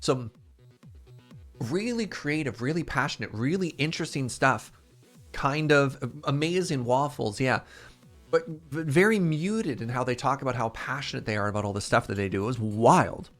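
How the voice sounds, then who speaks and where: A man telling a casual, animated story on a stream, excitable and quick with quoted asides. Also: medium pitch, faint music behind.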